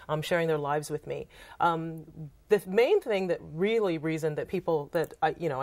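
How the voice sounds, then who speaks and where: A woman from Trinidad, a photographer and author, telling anecdotes in an interview and acting out the quoted lines. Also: sits low. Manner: animated storyteller, acts out quoted dialogue. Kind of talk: casual interview talk.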